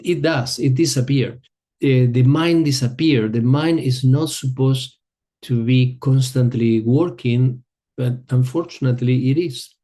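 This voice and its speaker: A middle-aged man who is not an English speaker, teaching a yoga group in a relaxed way, telling a personal story and often searching for words. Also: medium pitch. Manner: relaxed, searching for words, non-native phrasing.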